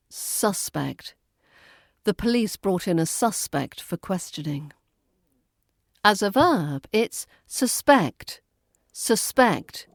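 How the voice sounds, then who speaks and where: A woman with a British accent teaching a pronunciation lesson, saying each word slowly and deliberately. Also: mid-range voice, dry recording, clean studio sound. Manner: slow, deliberate, stresses each word clearly.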